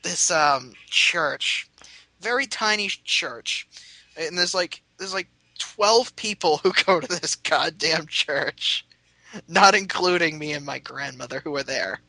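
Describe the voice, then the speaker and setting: A man's voice: fairly high pitch, slow pace, creaky, sharp tone, no echo, poor audio. A young man casually telling a rambling, sweary story and laughing as he goes.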